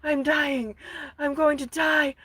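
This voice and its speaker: A woman's voice: high-pitched, little pitch movement, takes it slowly, sharp tone, dry recording, voice pushed up, heavily acted. A woman voicing a lovesick, melodramatic masked man who swoons and gasps that he is dying of love. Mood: swooning. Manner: swooning, gasping, repetitive.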